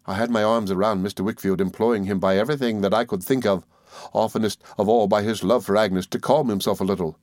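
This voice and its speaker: A man narrating a classic novel in the first person with measured, earnest storytelling. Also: lowish voice, steady tone, a little mellow, dry recording, studio quality. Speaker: audiobook narrator.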